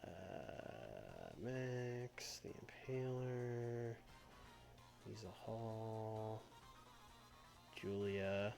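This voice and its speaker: A man live-streaming a wrestling booking game in casual chat, thinking out loud, swearing easily and trailing off mid-sentence. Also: on the low side, very animated, very slow, creaky, pauses often. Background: faint background music.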